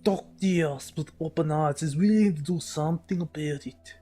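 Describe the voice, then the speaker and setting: A man's voice: on the high side, moderate pace, mellow, lightly acted. Man putting on a hammy mock-French doctor. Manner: hammy, breaking into laughter. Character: pompous French doctor writing a letter.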